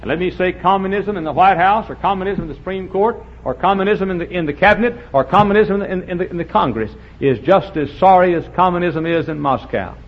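A man's voice: a little fast, few pauses. Thundering preacher man. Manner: thundering preacher, swings from shouting to low quiet. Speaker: pastor. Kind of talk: fiery revival sermon. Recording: dull lo-fi with faint hiss.

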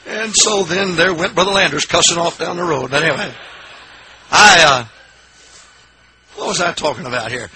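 A man preaching a sermon, telling a funny story and acting out the people in it with big swings in pitch and volume. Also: lively intonation, brisk, pauses often, noisy background. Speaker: pastor.

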